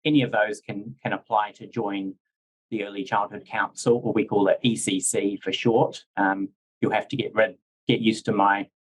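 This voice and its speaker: A man's voice: fairly low pitch, flat delivery, normal speed, slightly rough, poor audio. New Zealand man explaining at length. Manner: explanatory, with frequent fillers and restarts. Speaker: podcast guest, chief executive. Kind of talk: casual interview chat.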